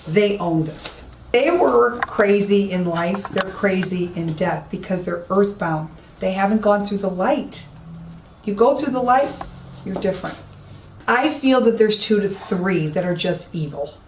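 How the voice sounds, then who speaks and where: An expressive, unhurried woman with a mid-range voice gives a psychic medium's walk-through of an empty old police station indoors. She speaks emphatically and repeats her points. The room is echoey, and a faint hiss can be heard.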